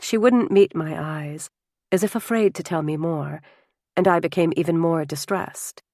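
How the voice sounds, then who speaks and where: Expressive woman narrating a novel. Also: deep voice, moderate pace, dry recording, clean studio sound. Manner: expressive, emotional storytelling. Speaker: audiobook narrator. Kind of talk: scripted first-person novel narration.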